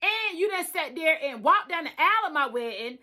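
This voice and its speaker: A woman's voice: extremely high pitch, a little fast. A woman, a truck driver, telling her own story in a casual storytime vlog, venting emphatically and repeating herself for effect. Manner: emphatic, repetitive, animated venting.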